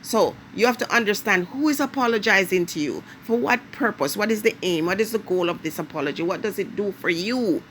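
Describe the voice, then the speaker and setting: Speaking straight to camera, a Jamaican-accented woman vlogger lectures emphatically, drawing out her stresses and leaning hard on key words. Her medium-pitched voice is animated and a bit bright, with a little hiss or hum.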